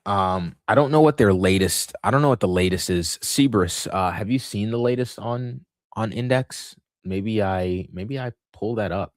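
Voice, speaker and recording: A man's voice: on the low side, moderate pace, hardly any pauses, dry recording, studio quality. A man hosting a casual market commentary livestream, thinking aloud with lots of fillers and restarts, and a touch of hiccups. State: has the hiccups. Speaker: livestream host.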